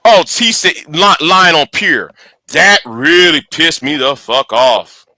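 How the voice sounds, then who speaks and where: A man's voice: fairly high pitch, animated, takes it slowly, bright, forceful tone. A man hosting his channel in a casual, profane, angry rant, stumbling and repeating words. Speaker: channel host.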